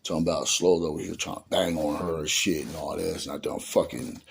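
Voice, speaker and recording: A man's voice: a bass voice, level tone, a little fast, gravelly, a little hiss or hum. A middle-aged man telling a rambling, profane story in street slang, acting out what people said.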